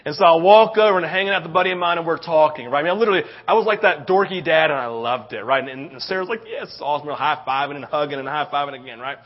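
A middle-aged male pastor delivers a sermon in a voice a little higher than most men. He tells stories with animation and keeps checking in with "right?". The recording is dull and lo-fi. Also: rapid-fire, hardly any pauses. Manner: animated storytelling, frequent "right?" tag questions. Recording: dull lo-fi sound.

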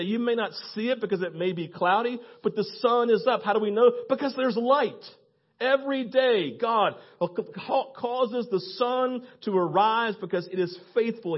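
A man with a high, slightly husky voice preaches to his church. He tells stories with animation and acts out each character's lines. The recording sounds dull and lo-fi. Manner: lively storyteller, acts out quoted voices, laughs often. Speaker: pastor. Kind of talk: sermon with animated storytelling.

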